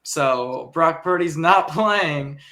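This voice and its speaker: A man's voice: a little high, drawn-out words, pushed and bright. A young man hosting a casual sports podcast, easygoing and rambling, with frequent ums and chuckles. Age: young adult. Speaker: podcast host.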